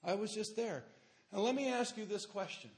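At a recovery meeting, a middle-aged man shares his life story at a normal speed in a voice that sits high. His delivery is plain, darkly and dryly funny, and full of rhetorical questions for his listeners.

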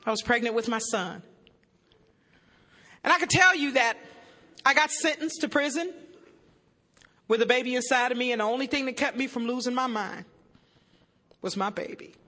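On stage at a meeting, a recovering alcoholic woman shares her personal testimony with blunt emotion and banter for the audience. Her slightly high voice sounds pushed and bright, moving at a moderate pace with long pauses. The stage mic captures an echoey hall with long reverb.

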